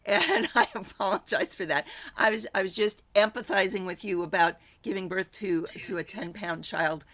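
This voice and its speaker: A woman's voice: mid-range voice, normal speed, fairly bright tone. A woman hosting an online improv show, chatty and jokey.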